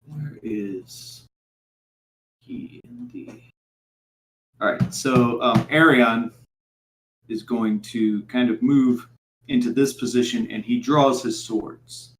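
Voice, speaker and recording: A man narrating as game master for a tabletop game, in a halting style full of fillers. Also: medium pitch, animated, echoey room, slight background noise.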